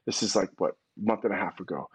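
A man as a podcast guest, telling stories in an animated, slangy way with casual swearing. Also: low voice, fast, slightly rough, dry recording. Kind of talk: casual storytelling chat. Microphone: phone call-in.

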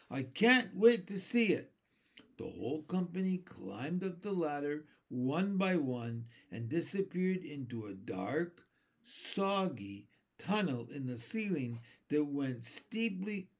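A man reading a children's book aloud, telling the story expressively and correcting the odd slip. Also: fairly high pitch. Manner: expressive storytelling with small slips. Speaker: reader.

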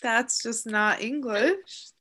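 A woman with a light Midwestern accent talks casually on a podcast and gives her opinions bluntly. Her voice is bright and forward, with a sharp edge. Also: a little high, animated, takes it slowly. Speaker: podcast co-host. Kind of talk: casual chat.

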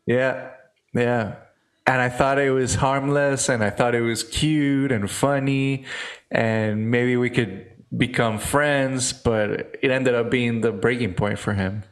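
Casting: male podcast co-host, mid-pitched voice, stop-start storytelling. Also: fairly even intonation. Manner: halting, restarts, laughs at own stories. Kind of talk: casual comedic chat.

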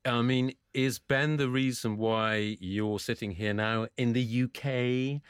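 A man's voice: medium pitch, steady tone, takes it slowly, clean tone, no room sound. Guy co-hosting, easy probing questions, dry sound. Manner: gently probing interviewer. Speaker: co-host. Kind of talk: casual chat.

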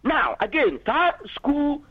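A man's voice: extremely high pitch, sing-song, slow, no echo. A man calling in to a political radio talk show, arguing passionately and switching into English phrases, heard over a dull phone line. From Ghana.

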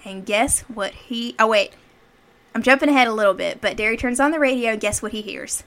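A woman's voice: fairly high pitch, brisk, fairly bright tone. A woman co-hosting a podcast, casually retelling a horror movie scene by scene with lots of fillers and quoted lines. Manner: chatty, filler-heavy retelling with acted quotes. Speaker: podcast co-host. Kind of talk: casual movie recap chat.

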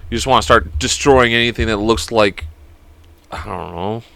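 A young man in his twenties hosts a solo podcast, rambling, joking, and swearing constantly in casual chat. His voice is on the low side, creaky, with a sharp tone and moderate pace. There's no echo.

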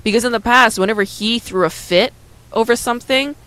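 A woman in her thirties telling a personal story in casual chat, candid and animated, with many "like" and "right?" fillers. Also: fairly high pitch, fairly quick, poor audio.

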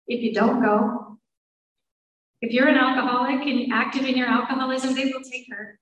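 A woman tells her personal testimony to a gathered audience, her voice a touch high and full of feeling. She slips into the voices of the people she quotes. The sound is roomy and picked up from some distance. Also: fairly even intonation, moderate pace, fairly bright tone. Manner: emotional, quoting others in changing voices. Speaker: speaker sharing a recovery story. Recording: roomy hall, voice from off-mic.

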